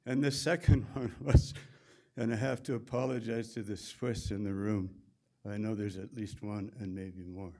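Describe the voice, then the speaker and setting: A man's voice: lowish voice, fairly even intonation, warm tone. Older Canadian man telling wry stories. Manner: storytelling, wry, unhurried. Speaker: memorial speaker. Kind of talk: anecdotal memorial talk.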